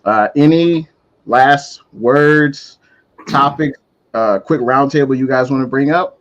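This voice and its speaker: A man's voice: medium pitch, slow, dull audio. A man hosting a fan talk show, closing it out in an easygoing, thankful way. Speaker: show host. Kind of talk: casual chat.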